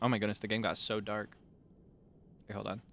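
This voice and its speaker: A man's voice: on the low side, little pitch movement, fast talker, creaky, fairly bright tone, soft background music. A man streaming live, chatting playfully with his viewers, teasing them and sharing bits of trivia. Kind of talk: casual livestream chat with viewers.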